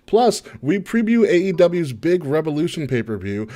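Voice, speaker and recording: A man's voice: on the high side, normal speed. A man hosting a podcast over a video call, chatting casually and laughing often. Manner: laughs often, relaxed banter. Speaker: podcast host. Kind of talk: casual chat.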